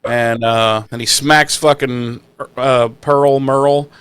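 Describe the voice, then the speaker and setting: 爱开玩笑、说粗话的男播客主持人. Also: male voice, medium pitch, fairly even intonation, slow, fairly bright tone, smooth, no room sound. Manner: jokey, profane, acts out lines in silly voices. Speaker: podcast co-host. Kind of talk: casual recap chat.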